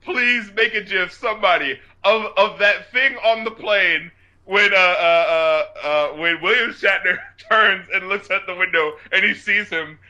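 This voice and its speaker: Giggly high-voiced man chatting. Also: unhurried, sharp tone, dull audio. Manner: laughs often, quotes lyrics and scenes in goofy voices. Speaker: podcast co-host. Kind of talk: casual chat.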